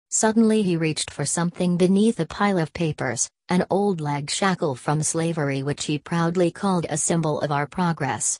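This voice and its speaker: Low-voiced woman narrating an audiobook. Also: darkish tone, dry recording. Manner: measured, first-person storytelling. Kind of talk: scripted narration of a novel.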